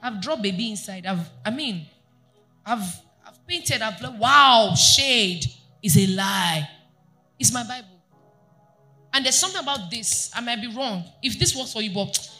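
A woman pastor preaching a sermon to her congregation, animated and often asking them questions. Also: fairly high pitch, normal speed, faint music behind. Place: church.

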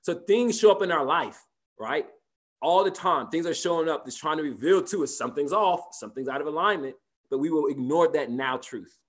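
A man's voice: a little high, expressive, fairly quick. A man teaching a spiritual class and answering participants' questions, talking conversationally, repeating phrases and asking "right?".

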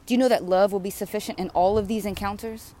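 A woman's voice: medium pitch, fairly even intonation, fast, dark tone. Fervent woman preaching a prayer. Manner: repetitive, rhythmic, fervent preaching. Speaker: spiritual speaker. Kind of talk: impassioned prayer sermon.

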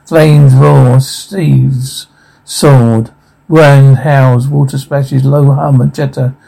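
A man reading a drama's captions and sound cues aloud in a flat, halting way. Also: mid-range voice, gravelly, rough recording.

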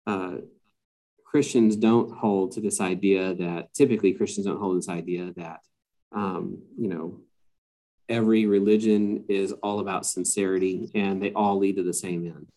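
Man, podcast guest, low pitch, soft warm tone, measured and halting, lots of ums. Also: steady tone. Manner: hesitant, many fillers and restarts. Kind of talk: casual podcast conversation.

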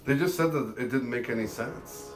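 A man's voice: mid-range voice, moderate pace, soft background music. Blunt, opinionated man in an echoey room. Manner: blunt, opinionated, peppered with mild swearing. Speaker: podcast co-host. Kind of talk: casual chat.

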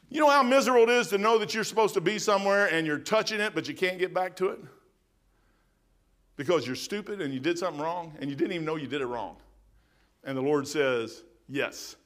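Brief: male preacher, middle-aged, high-pitched, folksy and emphatic storyteller. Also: pushed and bright. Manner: folksy, storytelling, emphatic, addresses listeners as "man". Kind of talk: sermon.

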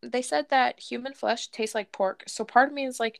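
A woman with a fairly high voice tells a gruesome old tale on a casual podcast. She laughs often and swears freely. She drifts into goofy asides between the facts. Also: moderate pace, creaky. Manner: laughing, profane, joking storyteller. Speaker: podcast co-host telling the story. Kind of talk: casual true-crime chat.

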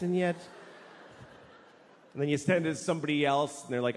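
A man's voice: a little high, steady tone, normal speed, pauses often. A man doing stand-up comedy on a large stage, ranting in a profane, exasperated way. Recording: long hall reverb, faint noise.

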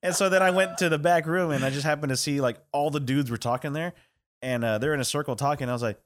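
A man's voice: a little high, fast. A man co-hosting a podcast, telling crude stories with lots of swearing and laughter. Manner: profane, storytelling, laughs often. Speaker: podcast co-host. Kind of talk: casual crude chat.

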